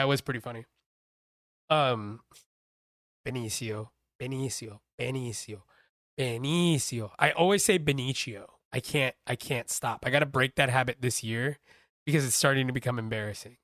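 A man with a Texan accent hosts a podcast in a medium-pitched, fairly quick, somewhat bright voice, recorded cleanly in a studio with no room sound. The casual chat rambles along, full of jokes and plenty of swearing.

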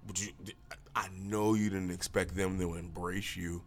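A man hosting a podcast, ranting casually and profanely with sudden jumps up in pitch. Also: normal speed. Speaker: podcast host. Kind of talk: casual solo rant.

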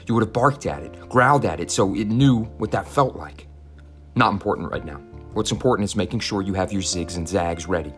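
Brief: young adult male teacher, very low voice, reads a kids' novel aloud for his podcast, then halting, restart-prone chat; faint music underneath.

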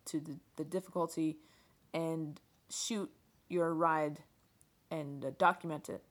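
A woman's voice: deep voice, steady tone, unhurried. A woman hosting an interview, asking friendly, curious questions and slipping in playful jokes. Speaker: interviewer, host. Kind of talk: casual interview.

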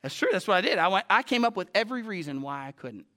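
Male pastor telling stories from the pulpit; high, bright, chatty and animated. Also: fast talker. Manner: self-deprecating, conversational, animated. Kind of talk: storytelling sermon. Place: church sanctuary.

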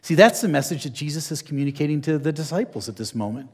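A man's voice: on the high side, lively intonation, quick pace, slightly rough. A man preaching a sermon in a slightly raised voice, somewhere in middle age. He tells a story and keeps turning to the listeners with rhetorical questions. His delivery is that of a pastor holding a room through a narrative.

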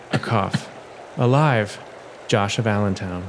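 A man giving a measured, dramatic reading as the narrator of his own audio adventure story, in a noisy home recording. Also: mid-range voice, steady tone, a little mellow. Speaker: storyteller and writer.

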